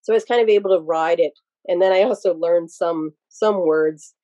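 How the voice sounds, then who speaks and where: Woman guest from Pennsylvania, lowish and warm, casual and rambling, dry close recording. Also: normal speed, dry recording, rough recording. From Pennsylvania, USA. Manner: rambling, digressive, many restarts. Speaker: podcast guest. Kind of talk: casual interview storytelling.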